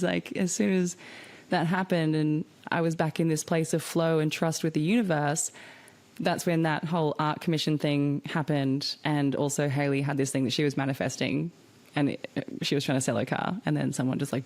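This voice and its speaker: A young woman with a low-pitched voice talks through a casual podcast monologue. She is candid and chatty, leans on fillers like "like" and "you know", and swears freely. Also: vocal fry, a little mellow. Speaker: podcast host.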